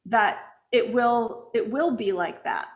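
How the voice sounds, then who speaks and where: A woman's voice: a little high, slow. A woman co-hosting a casual spiritual chat, enthusiastic and blunt, swearing now and then. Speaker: co-host.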